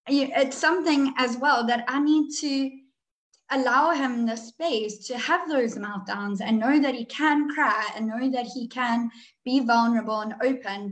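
A woman and mother on a panel, speaking candidly and a little haltingly in casual chat. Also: on the high side, low-quality recording. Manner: candid, halting, self-reflective.

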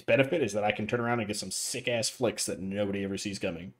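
A man's voice: lowish voice, brisk. A man hosting a gaming podcast, chatting casually and telling stories with plenty of swearing. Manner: profane, animated storyteller. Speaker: podcast host.

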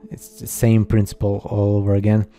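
Halting skeptical man, dark voice. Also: fairly low pitch, completely flat delivery, faint music behind. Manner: halting, skeptical, many fillers. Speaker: video narrator. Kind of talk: casual voice-over over slideshow.

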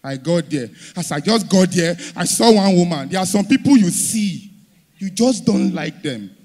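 A young Nigerian man doing stand-up comedy, telling stories in an exasperated rant that swings from low, muttered asides to loud outbursts. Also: expressive, moderate pace. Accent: Nigerian English.

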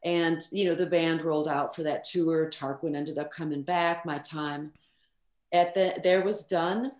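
A middle-aged woman with a fairly low-pitched voice tells stories as a guest in a casual interview. She is frank and animated, swears casually and fills her sentences with "um" and "you know". The sound is roomy and echoey. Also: measured pace. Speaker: guest recording engineer. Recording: roomy echo.

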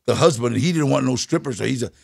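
An older man in his seventies, a guest in a casual interview, telling stories with laughter and acted-out quotes in a husky voice. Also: mid-range voice, rapid-fire, dry recording, clean studio sound. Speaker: guest actor.

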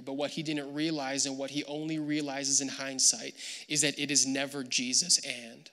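A man preaching a sermon as pastor, animated and acting out the people he quotes. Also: medium pitch, normal speed, in a large hall. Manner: animated, acts out quoted voices. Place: church hall.

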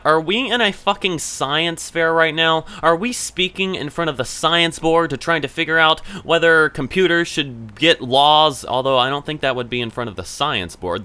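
A man's voice: fairly high pitch, pushed and bright. A man doing gameplay commentary, ranting at a chatbot in profane exasperation.

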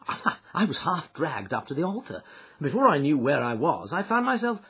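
Man narrating as a wry male detective, audiobook, husky, lively, muffled lo-fi sound. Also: on the high side, normal speed, full character voice. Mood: amused. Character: shrewd male detective recounting his adventure. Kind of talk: audiobook reading. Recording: dull lo-fi recording.

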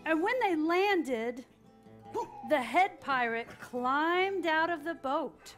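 A woman reads a picture book aloud at a children's story time, slow and high-pitched. She keeps it animated and gets the kids to repeat lines after her. Faint music sits behind her voice. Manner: animated, drawing children into call-and-response.

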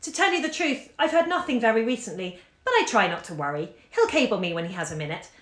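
A woman reading aloud, voicing a calm, pleasant and unfussed wife and mother. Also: on the high side, fast. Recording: roomy echo.

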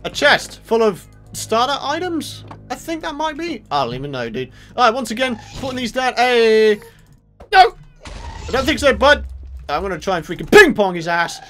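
A man giving excitable, chatty video game commentary, exclaiming as he plays and talking to his viewers. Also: extremely high pitch, moderate pace, soft background music. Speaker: let's play host.

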